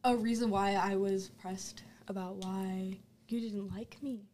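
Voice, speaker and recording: A woman's voice: mid-range voice, steady tone, measured pace, warm tone. A woman guest in a casual podcast chat, talking candidly and playfully.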